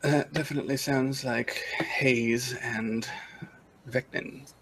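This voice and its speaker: A man's voice: medium pitch, steady tone, slow, fairly bright tone, husky, heavily acted, rough recording. A man voicing a wry party companion who is unbothered by others' suffering, in a dry, offhand manner, barely changing his own voice.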